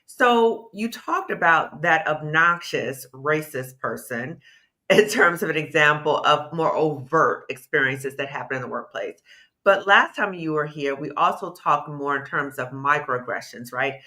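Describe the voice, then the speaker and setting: A woman hosting an interview, affirming her guest and asking measured questions. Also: sits low, lively intonation, sharp tone. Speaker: host. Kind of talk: interview host.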